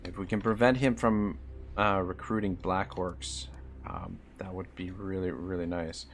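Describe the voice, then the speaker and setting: A man's voice: low voice, fairly even intonation, unhurried, slight background noise. A man with an East Coast Canadian accent giving live commentary on a game he is playing, thinking aloud about his moves and swearing when annoyed. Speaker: gaming live streamer.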